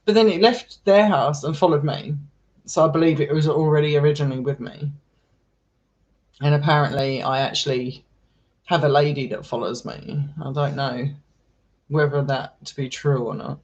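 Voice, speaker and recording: Chatty man with a higher voice. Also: normal speed, pauses often, darkish tone, highs cut off. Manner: chatty and affectionate, calls viewers darling and sweetheart. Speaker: live streamer and paranormal explorer. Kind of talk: casual live stream chat with viewers.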